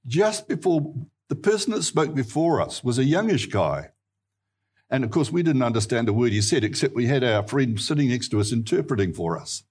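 A male pastor with a New Zealand accent delivers a sermon in a husky, slightly breathy voice at a middling pitch. He tells his stories earnestly and lifts his pitch to stress a point. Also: lively intonation, a little fast, darkish tone.

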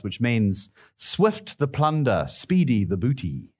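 A man's voice: mid-range voice, animated, measured pace, few pauses, darkish tone. A middle-aged male pastor preaching a sermon, playfully bantering with his congregation.

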